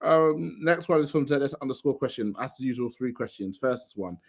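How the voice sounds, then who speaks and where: A man's voice: medium pitch, animated, brisk, few pauses. A man hosting a casual football podcast, bantering and reading out listener questions. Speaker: podcast host. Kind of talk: casual chat.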